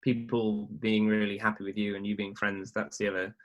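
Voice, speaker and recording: A man with a fairly low voice talks shop as a podcast guest. He speaks in an easygoing, halting way, circling back and restarting his sentences. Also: lo-fi sound. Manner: relaxed and hesitant, with many fillers and restarts. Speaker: filmmaker guest. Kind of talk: casual podcast chat.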